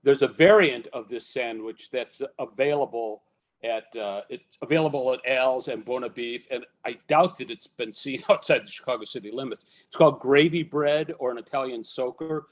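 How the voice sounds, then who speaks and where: A man journalist co-presenting a library book talk, chiming in with relaxed comments and small laughs. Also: mid-range voice, moderate pace. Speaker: culinary journalist, author. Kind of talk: library book talk over video call.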